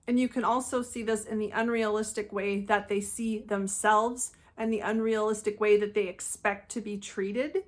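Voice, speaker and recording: A woman's voice: medium pitch, steady tone, moderate pace, few pauses. A woman hosting a channel, giving an earnest, emphatic solo talk that explains things step by step. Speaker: host of a channel about narcissism.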